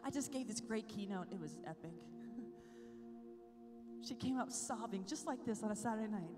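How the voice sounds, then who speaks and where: A woman's voice: medium pitch, lively intonation, normal speed. A woman giving an evangelical keynote to a youth conference, passionate and rising into fervent prayer, in a large hall with music behind. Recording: long hall reverb with music.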